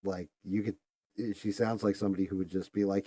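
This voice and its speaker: Deep-voiced dude rambling and swearing while he paints, mellow tone, mutters to himself. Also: flat delivery, normal speed, pauses often, dry recording, studio quality. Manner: rambling and profane, trailing off into muttering. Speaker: streamer painting a figure. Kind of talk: casual chat while working.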